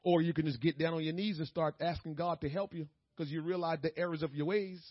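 A man preaching a sermon with a husky voice, swinging from hushed talk to shouting and crying out. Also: a little high, steady tone, fast, no room sound, lo-fi sound. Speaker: pastor.

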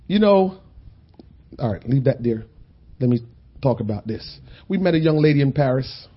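A man preaching a sermon in a conversational, storytelling way that builds to loud, shouted points. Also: mid-range voice, animated, unhurried, pauses often, husky, lo-fi sound.

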